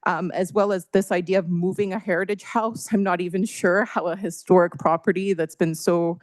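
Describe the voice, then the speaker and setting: A woman's voice: fairly low pitch, a little mellow, no echo. A woman making an earnest, emotional public comment at a council meeting, with frequent fillers. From Canada. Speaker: resident delegate at council meeting.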